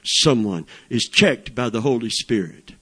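A man's voice: mid-range voice, expressive, a little slow, fairly bright tone, breathy edge. An older man preaching a sermon in a fervent, folksy way, calling out praise as he teaches.

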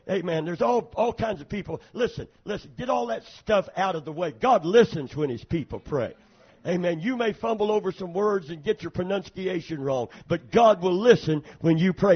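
Man, pastor, sermon, high voice, husky, amen calls, church, muffled tape sound. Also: expressive, moderate pace. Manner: preaching with frequent calls for amen; swings from quiet asides to loud fervent prayer.

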